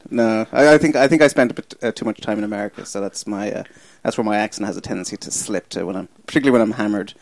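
A young Irish man, a comedian, chatting casually on a podcast, fast-talking and self-deprecating with frequent laughs. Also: fairly low pitch, vocal fry, no echo. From Ireland. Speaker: comedian guest.

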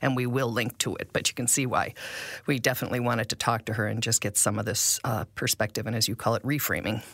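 A woman's voice: rumbling low, steady tone, fast, a bit bright, dry recording. Chatty woman podcast host, dry sound. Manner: chatty, reflective, repeats phrases. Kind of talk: conversational podcast hosting.

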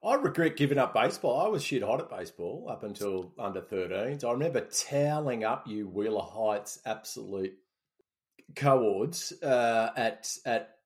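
A man's voice: medium pitch, animated, normal speed. An Australian man in his forties, co-hosting a podcast and telling rambling, self-mocking stories in casual chat. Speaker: podcast co-host.

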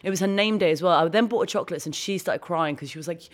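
Fast-talking woman telling stories. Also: lowish voice. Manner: fast, animated storytelling with laughs. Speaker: guest. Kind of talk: casual interview chat.

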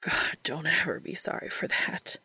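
Tender, commanding man, read by a woman, low intimate murmur, some vocal fry. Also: normal speed, bright, forceful tone, whispered, heavily acted. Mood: hushed intimate. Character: tender, commanding adult male lover.

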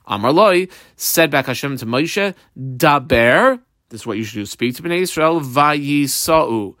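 A man's voice: fairly high pitch, animated, measured pace, sharp tone, no echo, studio quality. A man teaching a Talmud class line by line. He reads each phrase of the Hebrew and Aramaic text, then explains it in casual English, with many fillers along the way.

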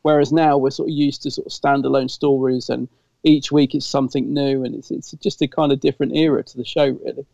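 A man's voice: medium pitch, fairly even intonation, brisk, gravelly, mellow, dry recording, muffled recording. A man co-hosting a podcast, chatting casually and enthusiastically, rambling with frequent restarts. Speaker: podcast co-host. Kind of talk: casual fan chat.

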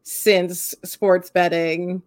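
Woman podcast co-host, slow and unhurried, casual storyteller. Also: lowish voice, flat delivery.

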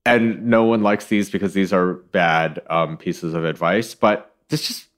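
A man's voice: deep voice, measured pace. A man co-hosting a casual podcast, talking things through in a thoughtful, hedging, digressive way on a studio mic. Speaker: podcast co-host.

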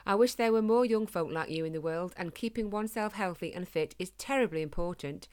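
A woman's voice: lowish voice, fairly quick, a little mellow, clear, resonant tone, natural voice. A woman voicing a gracious, posh-spoken elderly queen in a storybook. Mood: warm, regal. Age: older. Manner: posh, refined speech.

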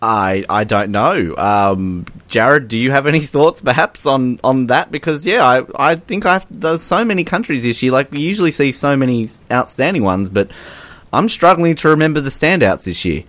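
A man's voice: medium pitch, lively intonation, normal speed, a bit bright. A man with an Australian accent hosting a casual podcast chat in a joking, teasing way. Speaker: podcast host.

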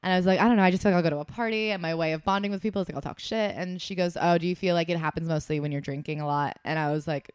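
A woman's voice: fairly low pitch, rapid-fire, few pauses, clear, resonant tone, dry recording, studio quality. A young woman co-hosting a podcast, telling stories in casual chat with lots of laughter and acted-out voices of other people. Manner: animated storytelling, frequent laughter, acts out quoted people. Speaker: podcast co-host.

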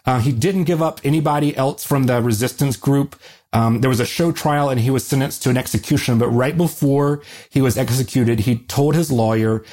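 A man's voice: medium pitch, normal speed, a little mellow. A man answering interview questions about history in an earnest, conversational way, with frequent fillers and restarts. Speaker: guest historian.

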